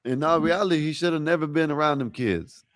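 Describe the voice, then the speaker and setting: A man's voice: a little high, brisk, no echo. A man on a live call-in panel who argues emphatically and in exasperation, with plenty of cursing.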